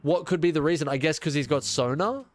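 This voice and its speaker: A man's voice: fairly high pitch, fairly quick, soft background music. A young man streaming a video game, congested from a cold, chatting casually to his viewers with sarcastic, mock-outraged asides. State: congested, sick. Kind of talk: casual gaming stream chat.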